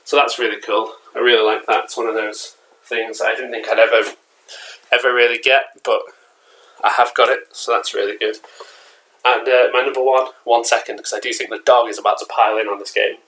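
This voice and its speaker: A mid-range male voice, flat in delivery and fairly bright, runs a little fast over a low-quality recording with a little hiss or hum. He's an English-accented collectibles vlogger chatting casually indoors at home, rambling with frequent fillers and restarts.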